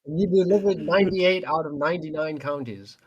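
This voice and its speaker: A man's voice: on the high side, a little fast, darkish tone, slightly rough, lo-fi sound. A boastful politician rambles through a rally speech, bragging about his wins and drifting off topic. A man reads it out in a slightly raised voice.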